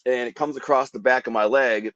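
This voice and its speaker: This man recounts a dramatic episode from his life with intensity, rambling and vivid, and performs the voices of those he quotes. His mid-range voice is steady, brisk and a bit bright. The sound is dull, dry podcast audio without echo.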